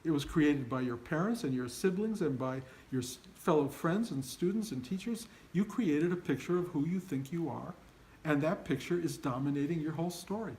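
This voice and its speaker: A man's voice: fairly high pitch, normal speed, a little mellow, a little hiss or hum, poor audio. Earnest older man teaching students. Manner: earnest, emphatic, acts out students' inner voices. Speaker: spiritual teacher. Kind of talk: informal dharma talk to students.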